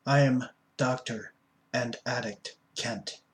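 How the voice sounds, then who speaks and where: A man's voice: medium pitch, fairly even intonation, slow, low-quality recording. A man in his fifties talking in a casual vlog, playful and theatrical, dropping into whispers and spelling words out. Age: 50s. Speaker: addiction counselor vlogger. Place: rooming house room at night.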